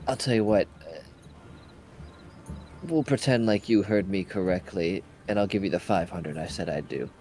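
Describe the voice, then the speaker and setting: A man's voice: sits low, normal speed, long pauses, mellow, slight background noise, close to an everyday voice. A man voicing a candid woman blacksmith. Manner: hesitant, lots of uhs and ums.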